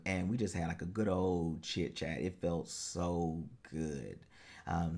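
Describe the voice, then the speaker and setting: A man's voice: low-pitched, a little mellow. A man hosting a solo podcast as a life coach, talking in an earnest, encouraging way and laughing easily.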